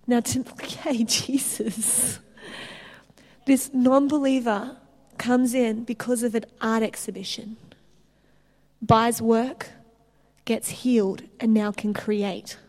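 A woman preaching a sermon, telling stories in an animated way with restarts. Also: fairly high pitch, slow pace, long pauses. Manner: animated storytelling with laughs and restarts.

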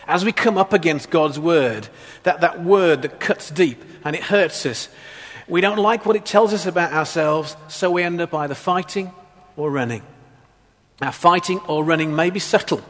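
Storytelling preacher in a reverberant hall. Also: male voice, a little high. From England, Black Country. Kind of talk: sermon.

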